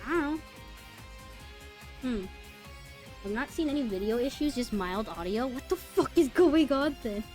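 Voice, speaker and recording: A woman's voice: high voice, expressive, normal speed, pauses often, a little mellow. A young woman streaming a game live, chatting loosely and teasing her viewers, swearing freely. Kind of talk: casual live-stream chat. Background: game music.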